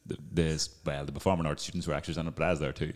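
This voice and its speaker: A man's voice: a bass voice, steady tone, rapid-fire. A young man with a Northern Irish accent, a podcast guest trading dry, mocking banter in casual chat.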